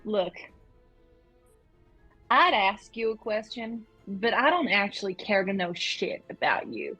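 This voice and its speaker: A woman's voice: mid-range voice, sing-song, slow, sharp tone, no echo, soft background music, low-quality recording. A woman playing a tabletop game, speaking in character in a curt, sarcastic way. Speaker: player.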